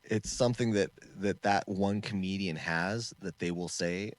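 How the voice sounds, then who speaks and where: A man co-hosting a casual podcast, an animated storyteller who laughs often and trails off and restarts. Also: low-pitched, a little slow, no room sound. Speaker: podcast co-host, martial arts instructor.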